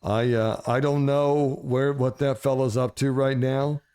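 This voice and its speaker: A man telling a wild story in a casual, animated, swearing style, often laughing. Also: mid-range voice, unhurried, clean tone.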